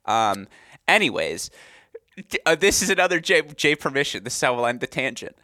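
A young man in his twenties co-hosting a podcast, chatting casually in an animated, rambling, jokey way. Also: medium pitch, brisk, dry recording, clean studio sound. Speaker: podcast co-host.

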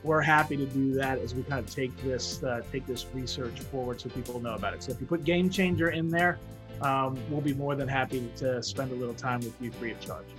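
A man's voice: mid-range voice, fairly even intonation, a little fast, music in the background. A man, an author and guest, talking about leadership in an earnest, reflective way and often repeating his first words. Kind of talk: conversational interview.

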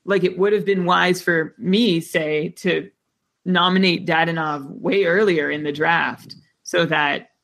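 A man's voice: fairly high pitch, fairly even intonation, a little slow, vocal fry, a bit bright. A man co-hosting a podcast, talking casually and a little hesitantly. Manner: hesitant, many fillers. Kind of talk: casual chat.

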